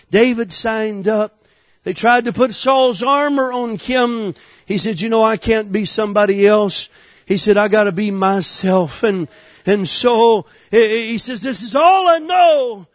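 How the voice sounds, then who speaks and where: A man in his forties preaches in church with fervent, exhorting storytelling. His voice is high-pitched, and he takes his time, drawing out each phrase. The sound is close and dry. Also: dry recording. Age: 40s. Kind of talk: sermon.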